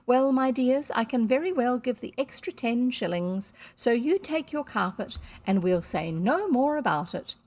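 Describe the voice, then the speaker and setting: A woman doing a shrill, scolding Victorian lady. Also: lively intonation, a little slow, few pauses, a little mellow. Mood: gushing. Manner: shrill scolding, then gushing sweetness. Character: stout bad-tempered Victorian lady who turns kindly.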